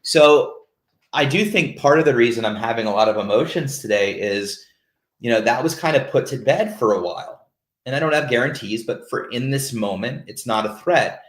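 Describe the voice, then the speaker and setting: A man's voice: medium pitch, expressive, moderate pace. A man hosting a peer support call who talks openly and casually, searching for words and restarting his sentences. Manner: open, searching, stops and restarts often. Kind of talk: candid casual talk. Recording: roomy echo.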